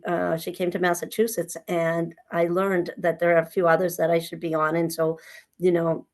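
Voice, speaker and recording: A middle-aged woman tells her own story as an interview guest. Her voice sits a little low, and she acts out old conversations with lively energy. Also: moderate pace. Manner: animated storytelling, acting out conversations.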